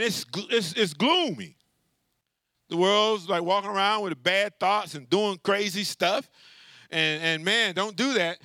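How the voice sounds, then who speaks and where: A man preaching a sermon as pastor, animated and conversational, calling out to the congregation for responses. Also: mid-range voice, dry recording. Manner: animated, with many restarts and asides.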